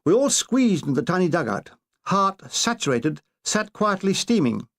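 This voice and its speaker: A man reading a comic war memoir aloud in a wry, deadpan way. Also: sits high, moderate pace. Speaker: narrator.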